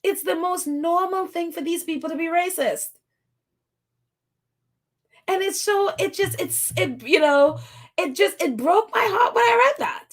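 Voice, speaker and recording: A woman hosting a podcast, talking in casual commentary, animated and exasperated, with bursts of incredulous laughter. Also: very high voice, a little slow, long pauses. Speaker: podcast host.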